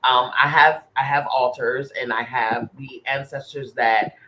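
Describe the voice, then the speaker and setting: A man's voice: mid-range voice, steady tone, measured pace, bright, forceful tone, a little hiss or hum, rough recording. A man co-hosting a podcast, earnestly telling a personal spiritual story in casual chat, often restarting and repeating phrases. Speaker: podcast co-host.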